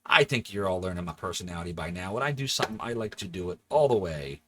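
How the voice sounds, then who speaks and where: A man's voice: sits low, fast. A man in his forties from the Philadelphia area, chatting animatedly and laughing often while streaming a game. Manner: animated, chatty, laughs often, jumps between joking voices. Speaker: livestreamer. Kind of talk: casual let's-play chat.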